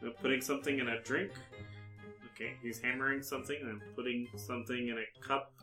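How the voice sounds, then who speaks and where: A man co-hosting a podcast, describing charades gestures aloud in a halting running commentary. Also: mid-range voice, steady tone, echoey room, over music. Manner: halting, narrating gestures as they happen. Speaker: podcast co-host. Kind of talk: live play-by-play of charades.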